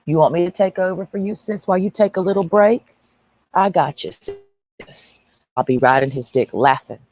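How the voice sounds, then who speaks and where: A woman's voice: on the low side, normal speed, a little mellow, a little hiss or hum, poor audio. A woman ranting on a livestream in a brash, mocking, preachy way.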